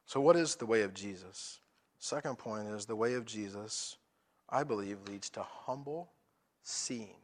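A man's voice: lowish voice, a little slow. A man preaching a sermon as pastor, emphatic and full of rhetorical questions, often restarting his phrases.

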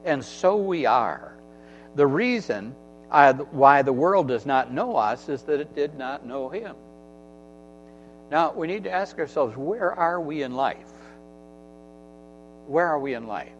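A man's voice: fairly high pitch, lively intonation, slow pace, long reverb tail. A man preaching a sermon in an earnest way, repeating phrases for emphasis. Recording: dull recording with faint mains hum.

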